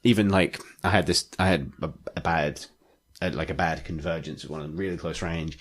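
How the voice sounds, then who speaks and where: A man's voice: extremely low pitch, fairly quick. A man co-hosting a gaming podcast, talking in a rambling casual way full of "like" fillers. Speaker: podcast co-host. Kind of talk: casual chat.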